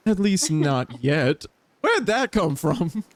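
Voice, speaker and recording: A man's voice: huge pitch swings, very slow, dry recording. Giggly man streaming a dating game. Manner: playful, giggly, jumps into high-pitched bursts. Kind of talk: reading a dating game aloud and reacting.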